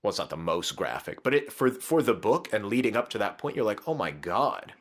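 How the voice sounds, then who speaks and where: Low-voiced man casually retelling a story. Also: big pitch swings, brisk. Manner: rambling, breaks into laughs. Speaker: podcast host retelling a novel. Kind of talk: casual podcast chat.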